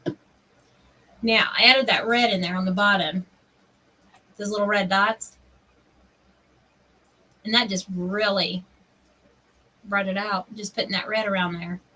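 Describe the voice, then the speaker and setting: A woman, hosting a craft livestream and telling stories in an animated way, laughing often. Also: medium pitch, measured pace, pauses often, distant mic, low-quality recording. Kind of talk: casual chat while crafting.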